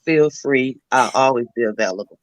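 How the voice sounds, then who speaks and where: A woman's voice: a bass voice, normal speed, dry recording, low-quality recording. A middle-aged woman calling in to a talk show, speaking in a motherly, encouraging way and using affectionate pet names. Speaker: caller giving advice. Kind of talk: supportive call-in chat.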